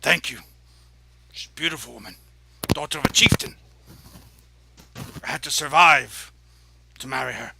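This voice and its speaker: A man's voice: fairly high pitch, moderate pace, gravelly, pauses often, noisy background. A man playing a terse innkeeper who used to be an adventurer. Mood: matter-of-fact. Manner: terse, matter-of-fact. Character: former adventurer, plain middle-aged innkeeper.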